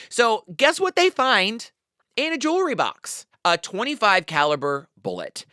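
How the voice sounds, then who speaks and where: A woman co-hosting a casual true-crime podcast, telling the case in an animated way and mocking the suspects in put-on voices. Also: a little high, unhurried, no echo, studio quality. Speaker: podcast co-host.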